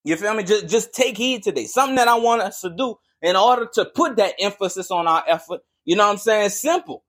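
A man's voice: sits high, fast, a bit bright. A young man hosting a motivational podcast, talking in a hyped, preachy way and often asking "you feel me". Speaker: podcast host.

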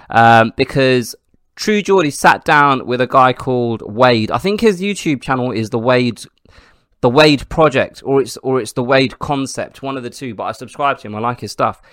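A man's voice: mid-range voice, fairly bright tone, no echo, clean studio sound. A man hosting his own podcast, chatting casually through the week's news with lots of ums and asides. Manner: chatty, restarts often with ums and rights. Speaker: podcast host.

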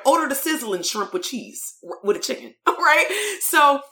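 Woman, therapist, storytelling with slang, lively swings in pitch. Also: moderate pace. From Compton, California. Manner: animated storytelling with slang and fillers. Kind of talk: storytelling talk.

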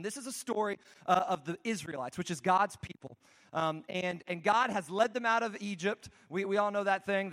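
Man, preacher, casual storytelling sermon, high voice, large echoing hall. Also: fairly bright tone. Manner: casual, storytelling, frequent restarts and asides. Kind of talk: conversational sermon. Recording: long hall reverb.

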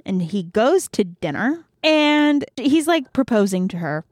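Brief: young woman host, chatty and amused, fairly high voice, dry close sound. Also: sing-song, a little slow, a little mellow, dry recording. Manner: chatty, filler-heavy, amused. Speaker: podcast co-host. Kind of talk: casual book chat.

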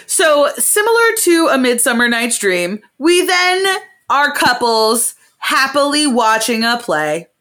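High-pitched and foul-mouthed, a young podcast co-host narrates a play's plot in casual chat, slipping into quick character voices as she gives an animated play-by-play.

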